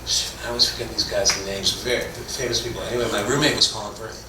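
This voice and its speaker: A middle-aged actor from Toronto, Canada, uses a lowish, steady-toned voice and a fast pace to tell rambling, self-mocking stories on a convention panel. The convention hall recording is echoey, with a distant mic and background noise.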